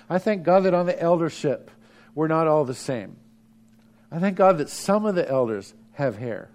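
A middle-aged man preaching a sermon as pastor, lively, sometimes dropping to a hush for emphasis. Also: fairly high pitch, moderate pace.

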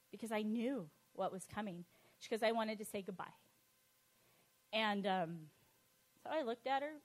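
A woman sharing a personal testimony in a conversational, halting way, with fillers and restarts, dropping to a soft, quiet voice at tender moments. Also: medium pitch.

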